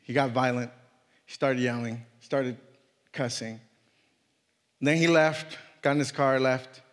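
A man in his thirties, preaching as a guest speaker, tells a personal story earnestly, halting and restarting many times. His mid-range voice keeps a steady tone, trailed by a long reverb.

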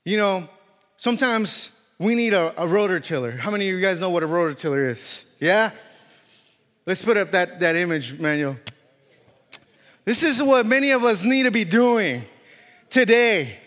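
A man preaching a sermon as a pastor, animated and conversational, full of fillers and restarts. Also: sits high, moderate pace, long pauses. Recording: reverberant hall.

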